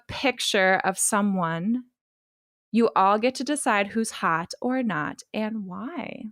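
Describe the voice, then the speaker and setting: A woman's voice: medium pitch, lively intonation, slow, fairly bright tone, no room sound, studio quality. Playful Californian woman hosting a game. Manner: playful, bossy game-host delivery. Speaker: podcast co-host running a game. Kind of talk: casual chat.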